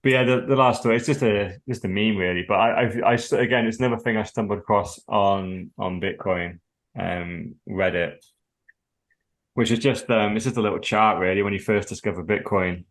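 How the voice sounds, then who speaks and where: A man co-hosting a casual podcast, talking bluntly and with plenty of swearing, telling animated stories. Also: lowish voice, moderate pace. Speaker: podcast co-host.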